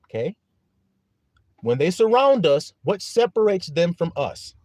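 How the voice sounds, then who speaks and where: At a measured pace, a man gives an animated live-streamed sermon, his pitch climbing high and plunging low as he rises and falls. He reads scripture, quizzes his listeners, greets viewers by name and laughs frequently between points. The sound is close-miked and dry, with no echo.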